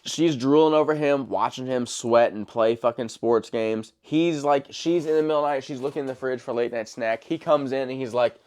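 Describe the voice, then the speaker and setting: A man's voice: mid-range voice, fairly quick, few pauses. A man co-hosting a film review podcast in casual chat, swearing often and acting out scenes from the movie. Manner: profane, animated, cracks up, acts out quotes.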